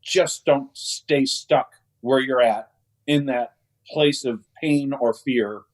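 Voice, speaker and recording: A man's voice: medium pitch, slow, poor audio. A man co-hosting a casual conversation, talking in long rambling sentences with many restarts and fillers. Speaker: co-host.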